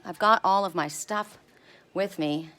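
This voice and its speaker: A woman's voice: fairly low pitch, unhurried, fairly bright tone. A middle-aged woman chatting to viewers on a live stream from outdoors, rambling and friendly as she reads oracle cards. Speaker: oracle card reader hosting a live stream. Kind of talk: casual live-stream chat. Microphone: phone camera.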